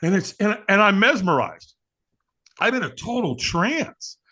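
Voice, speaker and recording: A man guest on an interview show, telling a personal story with lively, acted-out quotes and frequent restarts. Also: high-pitched, measured pace. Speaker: guest, firewalk instructor.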